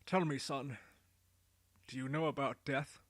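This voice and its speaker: A man's voice: medium pitch, fairly even intonation, no echo. A man doing a weary ancient patriarch. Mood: solemn. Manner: slow, soft, solemn storytelling. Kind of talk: storybook character voice.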